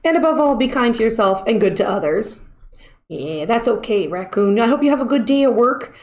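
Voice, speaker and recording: A woman's voice: fairly high pitch, expressive, fairly quick, a little mellow. A woman streamer chatting casually as she wraps up a live stream, rambling with lots of fillers. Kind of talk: casual stream wrap-up chat.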